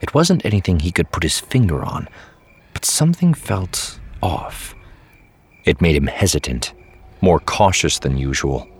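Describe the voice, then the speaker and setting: A man narrates a novel in a measured, steady storytelling voice. His voice is extremely low, with a husky grain. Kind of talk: scripted audiobook narration.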